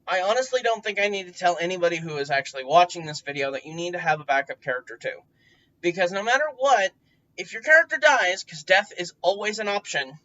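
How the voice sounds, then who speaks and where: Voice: medium pitch, sharp tone. A tabletop game player casually giving advice in a rambling way, full of fillers, restarts and the odd swear word. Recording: dull distant recording.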